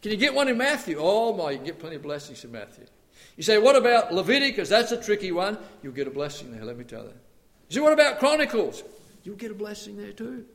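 Male pastor with a high voice, preaches with rhetorical questions, loud then hushed. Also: very animated, fast talker, gravelly. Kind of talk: sermon.

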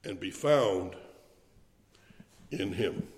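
A man preaching a sermon, emphatic and building to fervent shouts. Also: deep voice, animated, very slow, echoey room, long reverb tail.

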